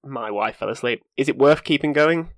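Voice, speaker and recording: A man's voice: medium pitch, moderate pace, dry recording. A man hosting a casual film podcast, joking wryly and laughing through his lines. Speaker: podcast host presenting news segment.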